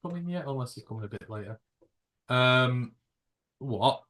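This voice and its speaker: British male stream host, loose and rambling, jokey, mid-pitched voice. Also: lively intonation, normal speed, crowd noise. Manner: rambling, jokey, swears casually. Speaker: livestream host. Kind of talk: casual live reaction chat.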